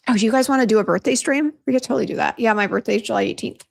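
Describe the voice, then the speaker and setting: A woman in her fifties with a somewhat high voice and a gravelly, creaky edge. She talks frankly and chattily on a live stream, reading viewer comments aloud. She laughs at herself and often breaks into exclamations. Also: very fast. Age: 50s. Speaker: beauty brand owner hosting a live stream.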